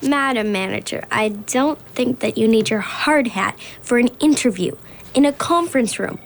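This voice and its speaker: A woman's voice: a little high, lively intonation, moderate pace, gravelly, slight background noise. An actress playing a polite, anxious young assistant who hesitates when she is unsure, in a children's radio drama. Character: nervous, dutiful young woman assistant.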